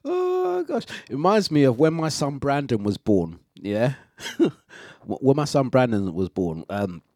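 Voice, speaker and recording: A man hosting a breakfast radio show, chatting, laughing often and giving shout-outs to listeners. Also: medium pitch, big pitch swings, unhurried, no room sound, clean studio sound. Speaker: radio DJ host. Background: music playing.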